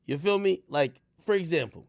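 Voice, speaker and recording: A young man in casual reaction commentary, telling stories with lots of fillers and sudden bursts of shouting. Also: a little high, normal speed, dry recording, clean studio sound. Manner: animated storytelling with frequent fillers, bursts of shouting. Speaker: streamer commentator.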